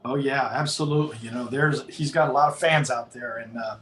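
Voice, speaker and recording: A man's voice: medium pitch, steady tone, fairly quick, fairly bright tone, slight background noise. A man co-hosting a radio interview, speaking earnestly and leaning on filler phrases. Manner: earnest, leans on "you know". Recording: roomy echo.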